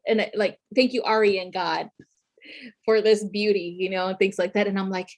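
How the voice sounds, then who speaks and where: A woman's voice: a little high, big pitch swings, normal speed, slight background noise. A woman talking casually to viewers as a tarot reader, chatty, with lots of fillers and frequent laughter.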